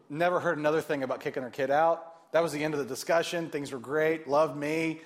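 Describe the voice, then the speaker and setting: A man preaching a sermon as pastor, animated and joking, acting out the voices he quotes. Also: a little high, fairly quick, few pauses.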